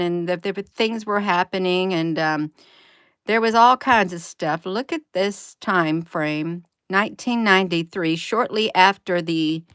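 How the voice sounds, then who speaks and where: A woman's voice: mid-range voice, a bit bright, dry recording, studio quality. A woman hosting a casual livestream, rambling through documents, giggling and talking straight to her viewers. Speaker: livestream host.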